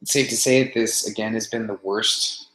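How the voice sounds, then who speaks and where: A man's voice: lowish voice, fairly even intonation, moderate pace, a bit bright. A man hosting a casual livestream for his viewers while in pain from a burned hand, groaning, sighing and swearing between remarks. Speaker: vlogger host. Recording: echoey room, faint noise.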